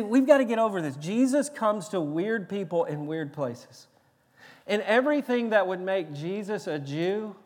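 High-voiced Tennessee preacher in a church hall. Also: male voice. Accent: Tennessee Southern. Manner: lively, joking, emphatic preaching with quick restarts. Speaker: pastor. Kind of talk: sermon. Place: large church sanctuary. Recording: long reverb of a large church hall.

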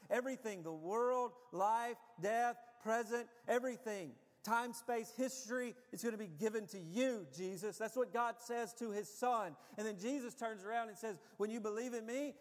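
A pastor preaching a sermon, swinging from hushed, intimate stretches to loud, fervent ones. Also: male voice, high voice, measured pace, in a large hall.

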